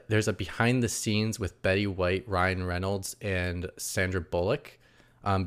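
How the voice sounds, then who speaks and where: A man co-hosting a casual podcast, telling stories with lively acted-out quotes. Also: sits low, clear, resonant tone. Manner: animated storyteller, acts out quotes. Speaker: podcast co-host. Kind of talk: casual chat.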